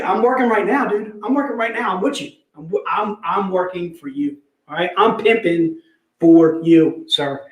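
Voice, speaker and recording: Energetic male livestream host, high-pitched, jokey patter, roomy echo. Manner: energetic, joking, repeats "all right". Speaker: livestream host selling comic packs. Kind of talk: casual sales livestream chat. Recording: echoey room.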